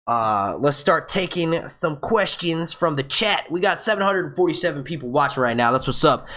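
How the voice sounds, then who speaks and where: A man's voice: a little high, expressive, moderate pace, sharp tone. A young man hosting a casual live stream, profane and hyped, stuttering and restarting often as he urges viewers on. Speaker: livestream host.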